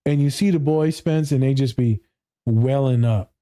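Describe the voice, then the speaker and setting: A blunt, profane man speaking on a podcast about his work as a therapist. His voice is very dark and mellow at a middle pitch. He laughs often and jumps up into higher voices to mimic people. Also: moderate pace. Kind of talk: casual podcast conversation.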